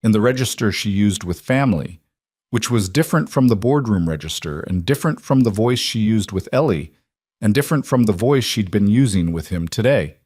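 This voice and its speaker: A man reading a scripted story in an even, unhurried way. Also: fairly low pitch, dry recording, clean studio sound. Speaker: narrator. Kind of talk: scripted narration.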